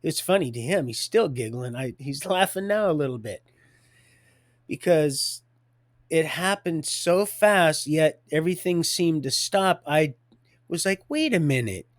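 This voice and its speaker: A man with a somewhat high voice tells a faith story on a live stream. He rambles, chuckles often in the middle of sentences and circles back over his own words. The sound is dry and close, with little room echo. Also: a little slow.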